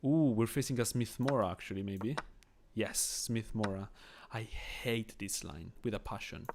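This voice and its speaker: A man's voice: lowish voice, measured pace, noisy background. A man with a Swiss accent who is not a native English speaker, chatting with viewers and thinking aloud through a chess game on a live stream. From Switzerland. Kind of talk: casual live-stream commentary.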